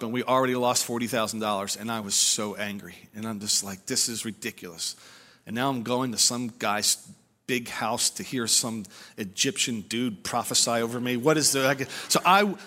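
A man's voice: medium pitch, sharp tone. A man in his forties, a pastor giving a sermon in an earnest, conversational storytelling way with frequent restarts. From Pennsylvania. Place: church service.

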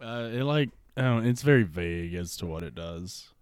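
A man's voice: lowish voice, lively intonation, moderate pace, clear, resonant tone, no echo, clean studio sound. A man co-hosting a casual chat, joking and cutting in with playful questions. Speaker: podcast co-host.

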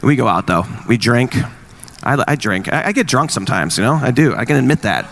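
A man's voice: mid-range voice, sing-song, brisk, creaky, a bit bright, a little hiss or hum. A man in his thirties doing a stand-up routine, with wry, exasperated stories about marriage and parenting. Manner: wry, exasperated dad storytelling. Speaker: stand-up comedian.

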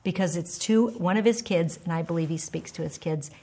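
A woman in her fifties giving a devotional teaching talk, animated and emphatic, sometimes dropping to a soft hush. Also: fairly low pitch, brisk, slightly rough. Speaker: devotional speaker and author.

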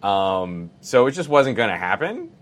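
Deep-voiced man with a radio-announcer delivery. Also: sing-song, normal speed. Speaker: podcast co-host. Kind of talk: casual tech podcast chat.

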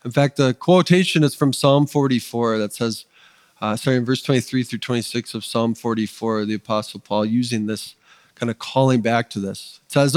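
A man's voice: mid-range voice, normal speed, dry recording, big-room sound. A man preaching a sermon as pastor, earnest and conversational, building his points with emphatic rising lists. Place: church sanctuary.

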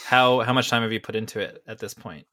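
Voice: medium pitch, quick pace, bright, forceful tone, no room sound, studio quality. An easygoing co-host in a casual podcast chat, speaking matter-of-factly.

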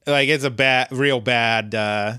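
A man co-hosting a podcast, recapping an episode in a relaxed way with dry humor and lots of ums. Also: mid-range voice, slow pace, smooth, no room sound. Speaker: podcast co-host.

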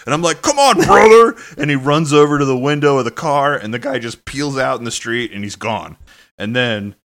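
A man's voice: medium pitch, steady tone, fairly quick, fairly bright tone. Man, casual story, rambling, filler-heavy, easygoing podcast chat. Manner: rambling, loose, full of fillers. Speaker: podcast co-host. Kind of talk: casual anecdote telling.

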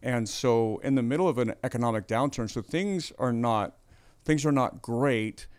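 A man's voice: medium pitch, moderate pace, darkish tone, smooth. A man hosting a faith interview in a conversational way, summing things up and checking in with his guest as he goes. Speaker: podcast host, interviewer.

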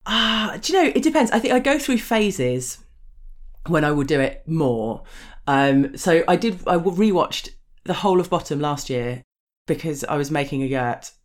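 A woman's voice: low-pitched, animated, normal speed. A woman with a posh English accent, chatting frankly as an interview guest, swearing freely and laughing often. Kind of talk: casual interview chat.

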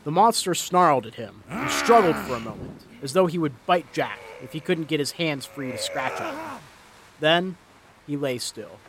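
A man reading a dark fantasy story aloud in a dramatic, expressive storytelling voice. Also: fairly high pitch, moderate pace, heavy background noise. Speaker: narrator. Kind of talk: storybook narration.

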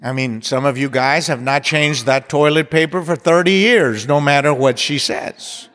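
A man's voice: on the high side, normal speed, fairly bright tone, in a large hall. A man preaching a sermon, building to passionate appeals and mixing in humor. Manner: preaching with rising intensity and leading songs. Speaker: pastor.

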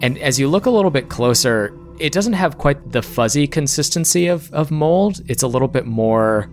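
A man running a tabletop game as game master, narrating scenes in a measured way with small pauses and restarts. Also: a little high, expressive.

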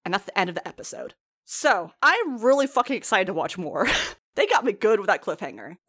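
A woman's voice: mid-range voice, fairly quick. A young woman chatting casually, recapping a TV episode with lots of swearing and laughter. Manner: animated, swears freely, laughs often.

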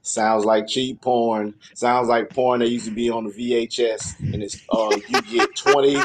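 A man's voice: mid-range voice, fairly even intonation, measured pace, background noise. A man co-hosting a casual comedic podcast, bluntly teasing his partner and laughing as he questions him. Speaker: podcast co-host.

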